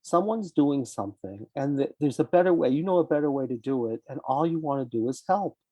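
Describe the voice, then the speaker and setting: A man's voice: a little high, expressive, brisk, dark tone, no room sound. An older man, a psychologist guest, telling a case story in conversation and acting out his clients' lines with animation.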